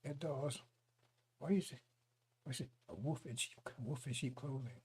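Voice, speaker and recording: A man's voice: medium pitch, normal speed, a little mellow, breathy edge. A male preacher delivering a fiery broadcast sermon, mocking and chuckling between his points.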